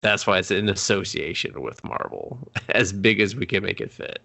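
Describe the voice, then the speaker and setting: Gravelly, sarcastic Canadian man. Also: low voice, lively intonation, bright, forceful tone. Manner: sarcastic, swearing, acts out characters in quick asides. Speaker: podcast co-host. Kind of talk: casual movie review chat.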